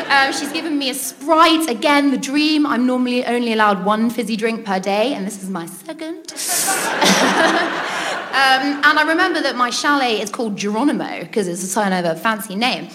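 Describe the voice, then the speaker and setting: A woman's voice: sits high, expressive, normal speed, fairly bright tone. A woman telling a funny personal story in a chatty way, giggling often and dropping in ums. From Britain. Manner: chatty, giggles between lines, many ums. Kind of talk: comic personal anecdote.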